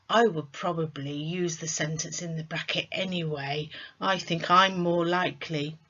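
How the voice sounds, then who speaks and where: A woman teaching an online lesson, speaking slowly and clearly and quizzing her students. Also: lowish voice, lo-fi sound. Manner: slow, clear teacher's delivery with quizzing questions. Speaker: English tutor.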